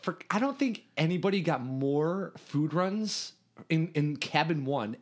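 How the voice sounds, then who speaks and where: A man's voice: on the high side, measured pace. Man rambling through a camp story. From Hungary. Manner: animated, rambling with many restarts. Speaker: podcast guest. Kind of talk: casual storytelling.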